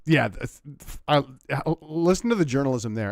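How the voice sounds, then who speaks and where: A man from Canada giving sarcastic, animated commentary while reacting to a news clip. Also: mid-range voice, moderate pace, no room sound, studio quality. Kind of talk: casual political commentary.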